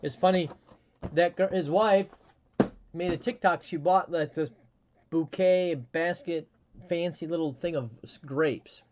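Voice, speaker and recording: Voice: medium pitch, a little slow, highs cut off, noisy background. A live stream host chatting casually, telling a rambling story with frequent restarts and fillers.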